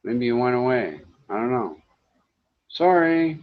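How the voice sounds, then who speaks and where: A man's voice: medium pitch, very animated, a little slow, muffled recording. A man moderating a casual online voice chat, talking bluntly, with lots of swearing and exasperation.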